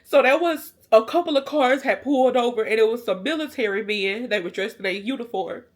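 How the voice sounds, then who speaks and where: A woman vlogger telling a personal story to her viewers in a casual, animated, emotional way. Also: a little high, brisk. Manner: animated, colloquial, emotional retelling.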